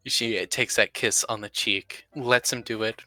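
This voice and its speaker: A man's voice: lowish voice, steady tone, moderate pace, sharp tone, dry recording, soft background music. A young man playing a tabletop role-play game, earnestly narrating his character's actions.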